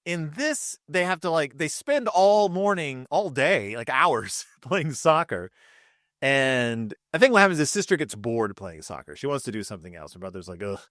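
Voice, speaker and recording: Man, podcast host, lively swooping delivery, casual solo chat, dry close sound. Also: medium pitch, dry recording. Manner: chatty and animated, retells scenes with quick character voices. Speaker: podcast host reviewing cartoon episodes. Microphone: microphone with camera.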